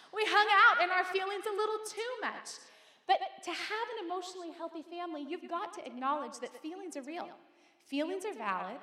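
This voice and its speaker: A middle-aged woman pastor preaching a lively sermon to her congregation and calling on them to repeat her words. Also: high voice. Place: church sanctuary. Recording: echoey hall.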